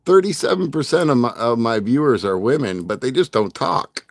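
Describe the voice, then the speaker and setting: A man's voice: mid-range voice, lively intonation, normal speed, vocal fry, dry recording, studio quality. A middle-aged man hosting a casual livestream, rambling and joking with his chat and laughing often. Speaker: livestream host.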